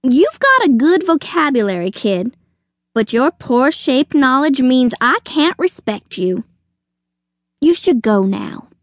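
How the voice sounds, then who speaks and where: A woman's voice: high voice, sing-song, takes it slowly, no room sound, pitched above the performer's own voice, exaggerated voice. A woman voicing a tough, blunt little girl chick detective in a storybook. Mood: brusque. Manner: brusque, no-nonsense.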